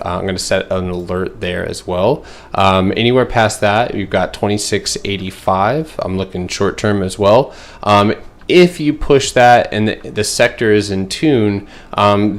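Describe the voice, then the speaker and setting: Man, trading streamer, low-pitched, casual chat, lots of ums. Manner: loose, filler-heavy, answers chat. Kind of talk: casual livestream chart analysis.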